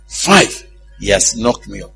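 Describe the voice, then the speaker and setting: A man preaching a sermon in an animated, humorous way, often asking the congregation if they follow him. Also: on the low side, measured pace, creaky, faint music behind, poor audio.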